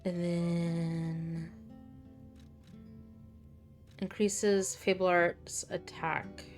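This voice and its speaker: A young woman streaming a game, chatting casually, joking and reading game text aloud. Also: mid-range voice. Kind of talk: casual gameplay commentary.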